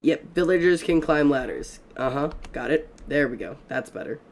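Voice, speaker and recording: A young man streaming a game, telling stories in a fast, rambling, excitable way, swearing often. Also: fairly high pitch. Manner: excitable and profane, fast rambling storytelling with many fillers. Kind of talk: casual gaming stream chat.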